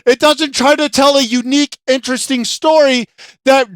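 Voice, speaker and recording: A video game commentator in an angry, profane rant, yelling often, with a throat sore from shouting. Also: sits high, fairly even intonation, moderate pace, no room sound, clean studio sound.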